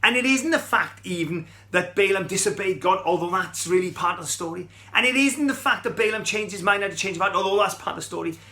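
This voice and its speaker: A bright, fairly high-voiced man in middle age tells a Bible story to children. He keeps it chatty and playful, stopping often to ask the kids questions. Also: fast, few pauses.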